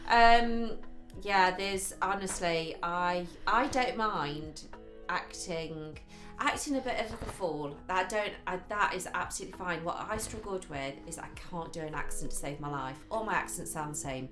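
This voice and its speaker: A woman's voice: fairly low pitch, moderate pace, echoey room, over music. A woman co-hosting a live show, chatting casually and poking fun at herself. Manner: self-deprecating, excitable. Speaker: co-host. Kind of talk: casual radio chat.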